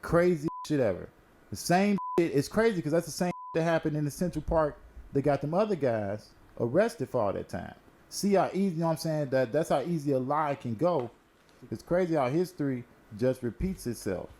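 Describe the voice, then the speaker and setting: A man's voice: fairly high pitch, animated, fairly quick, a little mellow. A man hosting a casual current-events talk, telling stories in a laid-back, slangy and profane way while smoking. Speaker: host.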